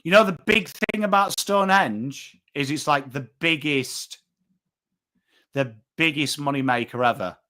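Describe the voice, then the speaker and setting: With a northern English accent, a thirty-something watchalong host chats casually with his live footy audience. His fairly high voice is bright and forceful at a measured pace, and he rambles, swears casually, and calls out names from chat.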